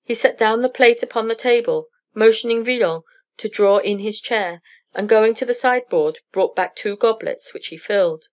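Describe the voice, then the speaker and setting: A woman narrating a classic story aloud in a steady, clear reading for English learners. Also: fairly high pitch, moderate pace.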